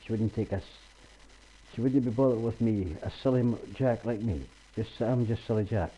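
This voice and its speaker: A man's voice: fairly low pitch, normal speed, warm tone, husky, lo-fi sound. A man doing Silly Jack, a nervous humble lad. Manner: modest, flustered.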